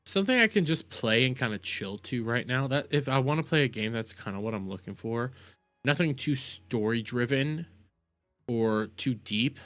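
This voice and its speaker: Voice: mid-range voice, lively intonation, normal speed, fairly bright tone, no echo, soft background music. A streamer chatting live while reacting to clips, rambling, repeating themselves, stammering and laughing often.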